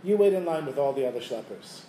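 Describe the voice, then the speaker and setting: A man's voice: medium pitch, lively intonation, fast talker, dark tone, a little hiss or hum, lightly acted. A man doing a curt dismissive attendant. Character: curt male synagogue attendant. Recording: roomy room, faint ambience.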